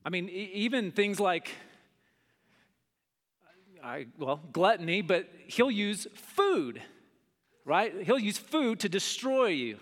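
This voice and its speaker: A man's voice: slow, long pauses. A middle-aged man preaching a sermon, telling stories and acting out scenes with big jumps in his voice. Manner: animated, acts out scenes with big pitch jumps. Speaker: pastor. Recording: long hall reverb.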